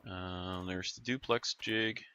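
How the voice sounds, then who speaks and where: A man's voice: deep voice, steady tone, slow pace, bright, forceful tone, slight background noise. A man giving casual, rambling commentary while playing a video game, musing aloud with plenty of fillers. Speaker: gaming YouTuber.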